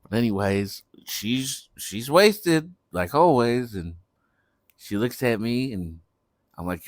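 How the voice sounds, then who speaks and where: A man's voice: mid-range voice, animated, slow pace, dry recording, studio quality. A young man telling a party story in a laid-back, slangy way. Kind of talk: casual storytime vlog.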